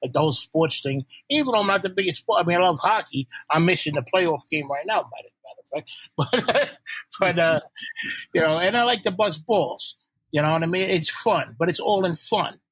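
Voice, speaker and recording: Older New York man, husky and high, animated ball-buster, dry close sound. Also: moderate pace, dry recording, low-quality recording. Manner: animated, ball-busting, swears freely. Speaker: guest, punk band frontman. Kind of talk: casual podcast chat.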